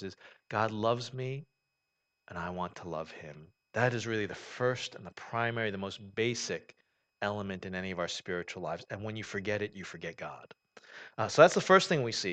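A male pastor giving a conversational sermon, dropping soft and low at times, then lifting to emphatic stress. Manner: conversational preaching, swings from quiet to emphatic.

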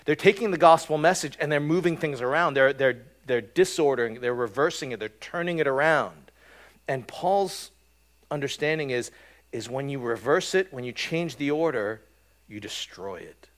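A man preaching a sermon in a relaxed, conversational way, often checking in with his listeners with "right?" and filling pauses with "um". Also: fairly high pitch. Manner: conversational, frequent "right?" and "um" fillers. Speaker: pastor.

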